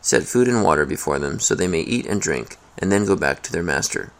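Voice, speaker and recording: A calm, commanding old prophet speaks in a Bible reading, with a man reading his lines. The voice is deep and gravelly, and the delivery stays plain and calm. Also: a little fast.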